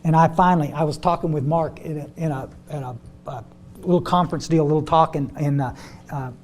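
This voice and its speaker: A man's voice: fairly high pitch, a little fast, a little mellow, soft background music. An older man speaking to a recovery group, folksy and repeating words as he tells his story. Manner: folksy, repeats words, addresses audience as y'all. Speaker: AA step study speaker.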